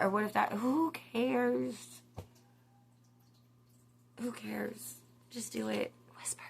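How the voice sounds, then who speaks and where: A woman's voice: on the high side, fairly bright tone. A woman in her forties telling a rambling story to camera in a casual vlog, chatty and self-mocking, often checking in with "okay?". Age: 40s. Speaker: vlogger.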